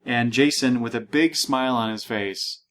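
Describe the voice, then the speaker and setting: A man's voice: mid-range voice, normal speed, fairly bright tone. A man in a mid-range voice hosts a comic book podcast. He meanders, restarts his sentences and reads the panels aloud. It sounds like casual, unscripted chat. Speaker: podcast host.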